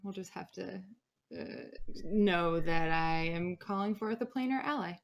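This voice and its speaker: A woman's voice: fairly low pitch, measured pace, creaky. A woman playing a tabletop role-playing game, speaking earnestly in and out of character. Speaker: player.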